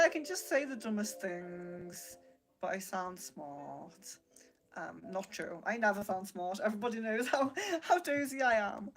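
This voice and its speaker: A woman's voice: medium pitch, gravelly, a bit bright, poor audio. A British woman hosting a live-stream card reading, greeting viewers by name and chatting casually with many fillers. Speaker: psychic livestream host.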